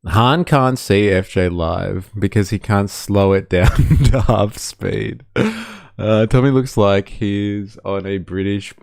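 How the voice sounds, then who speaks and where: A man talks over clips on his live stream, joking sarcastically with his chat and often breaking into laughs. His voice sits low and gravelly, and the sound is dry, with no room echo. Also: slow pace, darkish tone. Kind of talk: casual reaction commentary.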